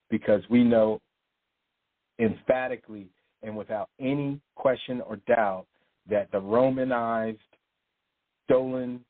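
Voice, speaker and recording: A man's voice: fairly low pitch, no echo. A man giving an emphatic, informal sermon to his online subscribers and reading scripture aloud. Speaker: online teacher of a channel. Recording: phone-like narrow audio.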